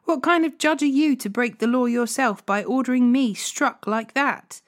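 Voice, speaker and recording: A woman's voice: on the high side, moderate pace, close to an everyday voice. A woman voicing the apostle Paul, a steadfast man on trial, in a plain reading voice. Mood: indignant. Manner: read plainly in her own voice.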